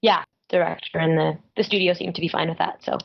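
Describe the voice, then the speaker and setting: Female guest, naturally raspy, casual and chatty, lo-fi line. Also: low-pitched, steady tone, quick pace. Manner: chatty, lots of "like" fillers, laughs often. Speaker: guest voice actress. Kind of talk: casual interview chat.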